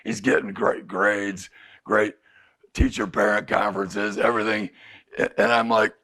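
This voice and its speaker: A man's voice: on the low side, flat delivery, measured pace, pushed and bright. A middle-aged male addiction counselor talking candidly to a recovery group, often asking them rhetorical questions. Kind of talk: group talk to clients. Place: recovery house group room.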